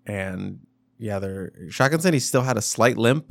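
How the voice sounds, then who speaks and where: A man's voice: on the low side, expressive, a little slow, gravelly, no room sound. A man co-hosting a podcast, rambling loosely through a casual sports chat with lots of fillers and restarts. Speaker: podcast co-host.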